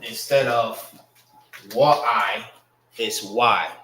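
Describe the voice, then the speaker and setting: Slow-talking man teaching in an echoey room. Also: on the low side, bright, forceful tone. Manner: slow, repeats words for students to follow. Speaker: language class teacher. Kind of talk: classroom lesson on pronunciation. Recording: echoey room, mic far off.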